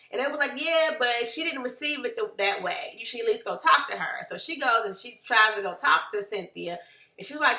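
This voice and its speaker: A woman casually recapping a reality show, acting out what the cast said in lively voices. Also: fairly high pitch, a little fast, roomy sound. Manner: animated, acts out quotes of the cast.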